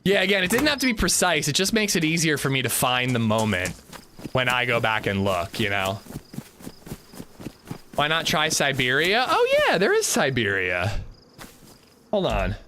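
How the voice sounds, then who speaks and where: Lively, bright-voiced male game streamer. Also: mid-range voice, slight background noise. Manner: reads out viewer names in quick lively bursts. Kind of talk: casual live-stream chat.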